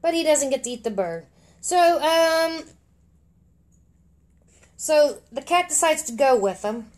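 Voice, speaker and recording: A woman's voice: high-pitched, animated, takes it slowly, darkish tone. A middle-aged woman reading a storybook aloud on a podcast in a casual, meandering way, hesitant and full of fillers. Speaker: podcast guest reader.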